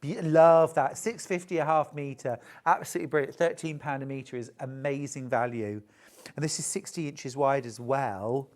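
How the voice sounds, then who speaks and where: A man's voice: mid-range voice, steady tone, moderate pace. A man presenting a live shopping show, chatting and joking as he gushes over fabrics. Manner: chatty, gushing, jokey. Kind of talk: live sales chat.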